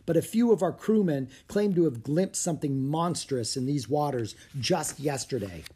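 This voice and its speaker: An audiobook narrator voicing a friendly, excitable male scientist aboard a ship, chatty and a little theatrical. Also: mid-range voice, normal speed, breathy edge. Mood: eager.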